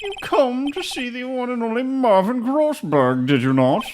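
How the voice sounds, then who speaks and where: A woman voicing a pompous, evasive old male lawyer in a playful game voice-over, with hems and throat-clearing. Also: fairly high pitch, very animated, moderate pace, slight background noise. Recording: stream audio over loud game music.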